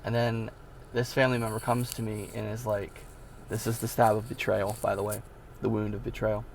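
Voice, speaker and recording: A man's voice: on the low side, little pitch movement, a little fast, gravelly, a little hiss or hum. A man telling a personal story in a casual, rambling way, with many fillers and sudden bursts of disbelief. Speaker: vlogger telling his life story.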